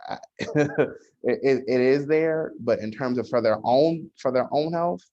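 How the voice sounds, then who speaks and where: A man, a social worker, talking in a casual podcast conversation, measured and often restarting his sentences. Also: mid-range voice, warm tone. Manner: measured, frequent restarts and hesitations. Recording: dull lo-fi sound.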